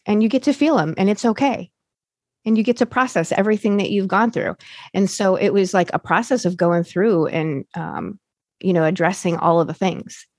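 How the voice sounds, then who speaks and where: A woman's voice: mid-range voice, moderate pace, a little mellow, no echo, clean studio sound. A woman, now a recovery coach, candidly telling her recovery story in a rambling way, full of fillers and restarts.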